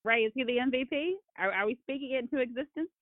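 A woman hosting a casual sports radio show, hoarse from a cold, upbeat and emphatic. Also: high voice, fast, no room sound. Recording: tinny phone-line sound, dry.

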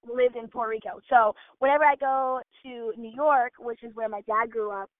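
A woman's voice: on the high side, steady tone, moderate pace, no room sound. Bubbly young woman on a tinny line. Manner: bubbly, chatty, many fillers. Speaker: guest, gymnast and dancer. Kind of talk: casual interview talk. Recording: tinny phone-like line, dry.

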